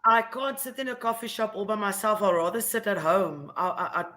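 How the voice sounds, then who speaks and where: A co-host whose first language is not English trades playful, giggly banter in a casual chat. The voice is bright and sharp, with a middle pitch. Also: a little fast.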